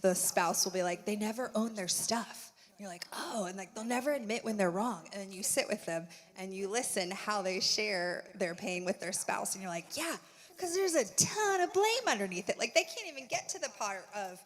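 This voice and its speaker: A woman speaking at a church conference in a lively, chatty way, peppering her talk with "like". She acts out quoted thoughts as she goes. Her voice rings out with a long auditorium reverb. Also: medium pitch, moderate pace, hardly any pauses. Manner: animated, full of "like", acts out quotes. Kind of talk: conversational stage talk. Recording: long reverb of a large hall.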